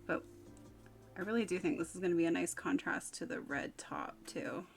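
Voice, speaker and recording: A woman livestreaming as she paints, chatting in a relaxed way and thinking aloud. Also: on the low side, normal speed, vocal fry. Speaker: livestreaming artist. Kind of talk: casual chat while painting. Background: faint music.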